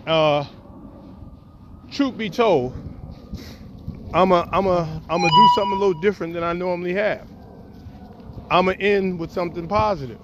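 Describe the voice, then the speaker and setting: A man's voice: high-pitched, normal speed, long pauses, highs cut off. A man telling a personal story while walking outdoors, acting out what people said. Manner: animated storyteller, acts out quotes. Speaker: poet and vlogger. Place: outdoors on a windy walk. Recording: faint wind and outdoor noise.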